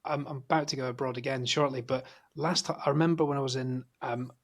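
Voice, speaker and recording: Husky-voiced man hosting a chat. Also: mid-range voice, fairly even intonation, quick pace. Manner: chatty anecdotes with filler words. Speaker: podcast host. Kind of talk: casual chat. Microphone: video call.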